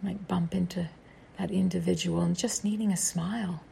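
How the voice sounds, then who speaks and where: A woman around sixty hosting a guided meditation talk, speaking in a hushed, whispery, gentle way. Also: on the low side, fairly even intonation, vocal fry, a little hiss or hum. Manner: gentle and unhurried, with drawn-out pauses. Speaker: meditation podcast host.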